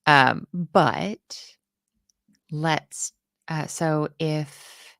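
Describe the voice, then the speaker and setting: A woman chatting casually through a coding lesson, self-deprecating and quick to laugh. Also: sits low, gravelly, fairly bright tone, no room sound, studio quality. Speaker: co-host learning to code. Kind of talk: casual live coding chat.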